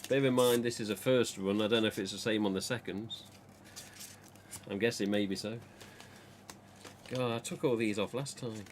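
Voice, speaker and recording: A man chats loosely on a live stream, wandering from point to point and reading viewers' messages aloud. His voice sits a little low. A faint hiss of room noise runs under the recording. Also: fairly even intonation, moderate pace, pauses often. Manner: chatty, rambling, reads viewer comments aloud. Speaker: live stream host, mask collector. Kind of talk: casual live stream chat.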